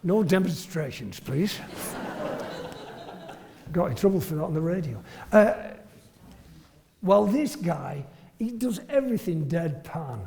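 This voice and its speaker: Older English raconteur, gravelly, high for a man; comic after-dinner stories, heavy hall reverb. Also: measured pace, long pauses, a crowd in the background. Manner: animated, comic storyteller who acts out quoted voices. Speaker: retired family doctor telling anecdotes.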